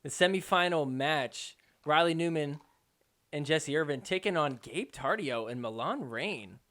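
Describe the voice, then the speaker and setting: A man's voice: on the high side, expressive, a little slow, a bit bright. A man hosting a podcast, giving casual commentary over match clips in a playful way. He laughs often and mimics the players. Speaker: podcast host.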